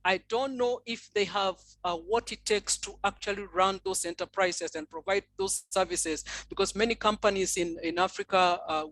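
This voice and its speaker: A woman's voice: lowish voice, a bit bright, a little hiss or hum, low-quality recording. A woman from Nigeria answering on a conference panel, thoughtful and full of fillers and restarts.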